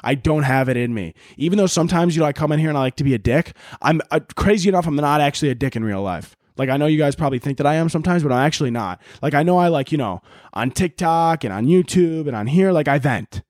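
A man's voice: on the high side, animated, fast talker, darkish tone, no echo, studio quality. A young man hosting his own podcast as a comedian, ranting casually and swearing as he drifts off on tangents. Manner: profane, rambling, goes off on tangents. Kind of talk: casual solo podcast rant.

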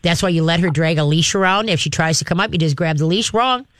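A woman hosting a call-in radio show as a dog trainer, chatty and animated, with lots of fillers and restarts. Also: deep voice, fast, dry recording, clean studio sound. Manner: chatty, animated, acts out dog and owner voices.

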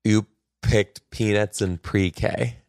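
Male co-host, casual chat, wry and joking, lowish pitch. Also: steady tone, slow, a little mellow, dry recording, studio quality. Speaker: podcast co-host.

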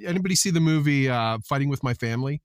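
A man's voice: mid-range voice, lively intonation, racing, smooth, dry recording, studio quality. A man who works as a voice actor, chatting casually on a podcast panel in a rambling, laid-back way.

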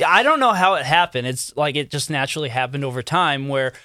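A man's voice: on the high side, animated, a little fast, crowd noise. A man co-hosting a podcast, telling a rambling story in casual chat and laughing often. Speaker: podcast co-host.

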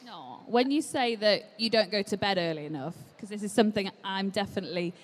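A woman hosts a podcast in front of a live audience, her mid-pitched voice encouraging and reassuring. Her words ring out in the long reverb of a large exhibition hall. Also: fairly quick. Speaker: podcast host, expecting a baby.

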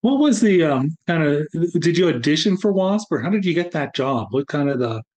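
A man interviews a guest in a relaxed way, searching for words as he asks. His voice sits a little high and sounds set back from the microphone. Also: normal speed. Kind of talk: casual interview questions.

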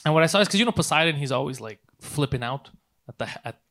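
Man, podcast host, fast storyteller, profane, animated, fairly high pitch. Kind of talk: casual storytelling chat.

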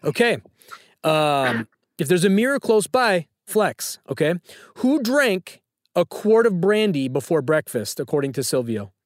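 A man's voice: a little high, very animated, a little slow, dry recording, studio quality. A man hosting a phone-in trivia quiz, teasing and joking with callers. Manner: playful, teasing. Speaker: trivia show host.

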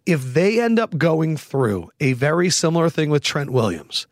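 A man hosting a casual football talk show, telling stories in a joking, animated way. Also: fairly high pitch, moderate pace, dry recording, studio quality. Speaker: podcast host. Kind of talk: casual sports chat.

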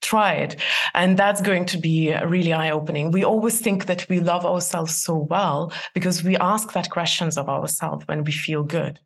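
Gravelly-voiced woman giving earnest advice. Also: fairly low pitch, fairly even intonation, normal speed, hardly any pauses. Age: 40s. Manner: earnest, laughs often, many restarts. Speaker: guest. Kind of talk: interview conversation.

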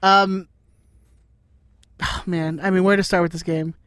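A man co-hosting a casual sports podcast with quick, playful banter. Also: high voice, flat delivery, a bit bright, clear, resonant tone, dry recording, studio quality. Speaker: podcast co-host.

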